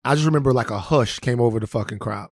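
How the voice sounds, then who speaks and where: A man from Louisiana co-hosting a podcast and telling a story in casual, profane, animated chat with many restarts. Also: medium pitch, quick pace, no room sound, studio quality. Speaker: podcast co-host.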